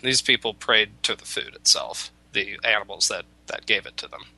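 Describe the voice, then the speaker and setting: A man's voice: fairly low pitch, lively intonation, normal speed, sharp tone, poor audio. A man on talk radio telling a folk tale casually, rambling with many restarts. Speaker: radio show talker.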